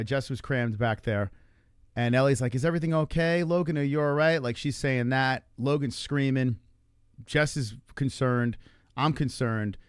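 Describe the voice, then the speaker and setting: A man in a casual livestream, telling a story about his family in an animated, profane way and acting out what everyone said. His voice sits at an average pitch, and the recording is dry and close. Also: no room sound. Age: adult parent. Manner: animated, profane, acts out quotes. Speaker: livestream host. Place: Arizona.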